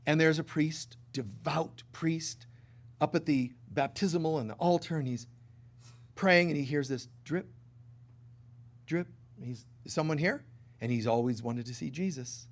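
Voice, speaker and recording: Spiritual teacher, middle-aged man; a somewhat high voice, storytelling sermon delivery with playful asides and big swings in volume. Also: a little slow.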